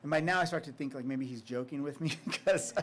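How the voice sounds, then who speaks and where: A man, an author at a literary reading, reading a poem and then telling a story in a reflective, unhurried way with casual fillers. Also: mid-range voice. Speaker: author giving a faculty reading.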